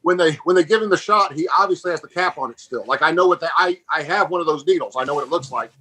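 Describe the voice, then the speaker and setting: A man's voice: on the high side, pushed and bright, slightly rough, rough recording. A man co-hosting a podcast, telling blunt stories in casual chat and laughing at them. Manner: fast storytelling, blunt, laughs at his own stories. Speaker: podcast co-host.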